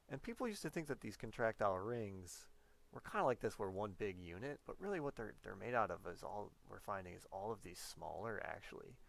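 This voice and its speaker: Playful, gravelly male biology lecturer. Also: on the low side. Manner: playful, rambling, self-correcting. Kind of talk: casual whiteboard lecture.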